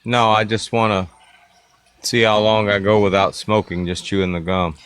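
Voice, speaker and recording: Laid-back low-voiced man chatting. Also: level tone, moderate pace, fairly bright tone, clean tone. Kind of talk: casual chat.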